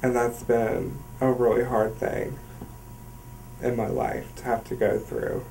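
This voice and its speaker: A young man with a Southern US accent tells his personal story for an audition, pausing often with "um". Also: medium pitch, flat delivery, creaky, mellow, a little hiss or hum, rough recording. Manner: slow, halting, many "um"s. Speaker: reality show applicant.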